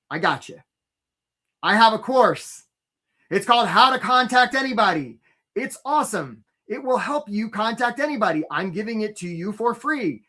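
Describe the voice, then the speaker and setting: A man with a high-sitting, sharp-toned voice gives an energetic live webinar pitch coaching job seekers. Upbeat and talkative, he greets viewers by name and habitually asks "right?"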